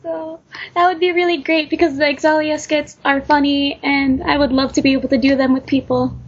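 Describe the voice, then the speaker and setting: Teen girl interviewee, high and unsure, on a dull lo-fi podcast line. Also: little pitch movement, a little fast. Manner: hesitant, lots of ums. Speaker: guest, aspiring voice actor. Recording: dull lo-fi recording.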